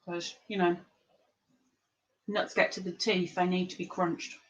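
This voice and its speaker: A woman's voice: lowish voice, flat delivery, a little slow, highs cut off. A woman hosting an online trivia board game on her stream, chatting to viewers and sometimes talking with her mouth full. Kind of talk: casual live-stream chat.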